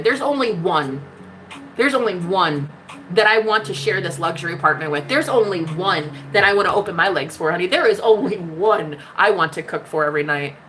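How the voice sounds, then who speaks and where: A woman's voice: lowish voice, fairly bright tone, rough recording. A woman delivering an impassioned spiritual monologue, sassy and emphatic, swearing often and calling the listener "honey". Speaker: spiritual love-reading vlogger. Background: music.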